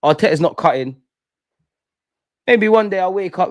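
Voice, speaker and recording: Young male host, heated slangy rant, higher pitch, dry room. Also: expressive, moderate pace, gravelly, no room sound. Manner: impassioned, repetitive, slangy ranting. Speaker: fan channel host. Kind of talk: emotional fan rant to live stream.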